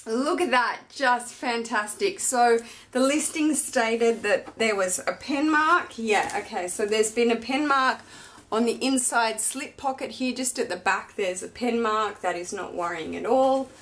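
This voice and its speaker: Slow-talking woman vlogger. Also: a little high, fairly bright tone. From Australia. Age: 30s. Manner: gushing, chatty, emotional. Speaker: fashion vlogger. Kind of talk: unboxing and personal announcement.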